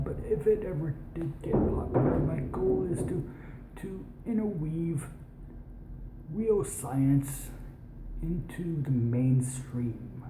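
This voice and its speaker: A young adult from the United States speaking in a put-on posh British accent, hosting a science show in a rambling casual monologue that slips into whispered asides. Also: mid-range voice. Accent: put-on posh British over American. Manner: rambling, with many restarts and slow, stretched words. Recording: echoey room with background noise.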